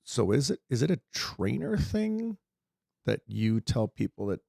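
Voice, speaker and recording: A man's voice: mid-range voice, big pitch swings, unhurried, vocal fry, dark tone, no echo, studio quality. A man co-hosting a podcast, chatting casually about his own time as a dog handler. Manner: chatty, sharing own experience. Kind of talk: casual interview chat.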